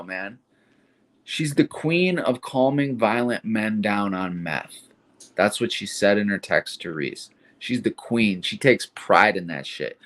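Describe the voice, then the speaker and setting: A man's voice: medium pitch, fairly bright tone. A man giving casual, profane livestream commentary, peppering his talk with "man". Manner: casual, slangy, profane, says "man" often. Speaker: YouTube livestreamer.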